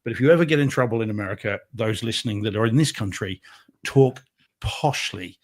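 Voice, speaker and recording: A man's voice: lowish voice, rapid-fire. A man with an English accent, co-hosting a casual podcast chat and laughing often. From England. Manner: chatty, laughs often, frequent restarts. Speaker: co-host.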